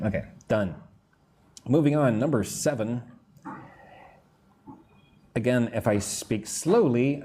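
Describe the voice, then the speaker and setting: A man teaching an English lesson on a live stream, reading out viewers' comments, answering them casually, and slowly drilling pronunciation. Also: mid-range voice, animated, a little mellow. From United States. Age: adult, not young.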